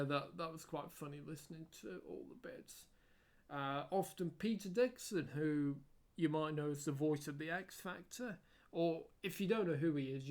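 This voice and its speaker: A man's voice: fairly high pitch, vocal fry. A man giving a casual spoken tribute to camera, hesitant, with frequent ums and restarts. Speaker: video creator.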